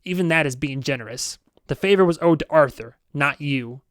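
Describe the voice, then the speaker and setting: Guy doing a pushy little oily boss, higher and louder, snappy clipped lines, dry audiobook sound. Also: brisk, dry recording, close to an everyday voice. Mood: curt. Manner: brusque, clipped and dismissive. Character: small oily older businessman, impatient and curt. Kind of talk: audiobook character voice.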